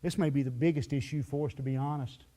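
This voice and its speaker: A man preaching a sermon as pastor, telling the story in a lively, folksy way full of "you know" fillers. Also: mid-range voice, quick pace. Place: church sanctuary.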